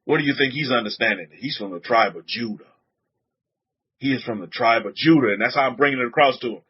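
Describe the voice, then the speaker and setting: A man preaching a sermon to a congregation, animated, repeating words and putting questions to the room, on a dull lo-fi recording. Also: medium pitch, fast talker, husky. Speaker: rabbi teaching a congregation.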